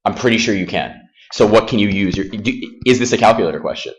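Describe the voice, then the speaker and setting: A man teaching a calculus class in a classroom, casual and self-deprecating, firing quick questions at his students. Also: on the low side. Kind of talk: classroom math lesson.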